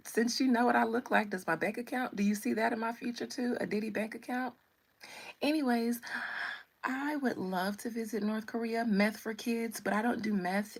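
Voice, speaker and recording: A woman hosts a casual live stream as a tarot reader, answering her chat with sassy, teasing banter. Her voice has a gravelly edge and a husky, breathy texture. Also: a little high, normal speed. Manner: sassy and playful, teasing viewers.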